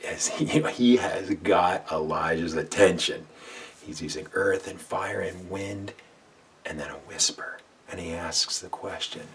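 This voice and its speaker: Deep-voiced man giving a devotional sermon. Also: steady tone, moderate pace, fairly bright tone. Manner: earnest, asks listeners to repeat lines aloud, drops to a whisper for God's voice. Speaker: pastor. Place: home room with a window. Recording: slightly distant mic, faint background noise.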